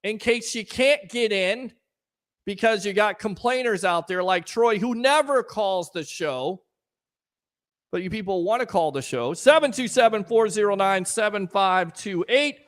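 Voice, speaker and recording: A man hosting a live call-in sports talk show, ranting in a fired-up, sarcastic way and shouting at times. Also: sits high, animated, a little slow. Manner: sarcastic, scolding critics.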